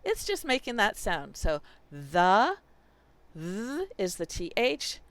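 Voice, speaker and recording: A woman's voice: medium pitch, wildly swooping pitch, slow, no echo. A middle-aged woman patiently explaining to parents how to teach sight words, sounding out letters and example phrases.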